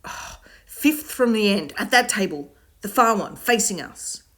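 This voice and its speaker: A woman voicing an excited, urgent young boy, calling out high and loud. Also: a little slow.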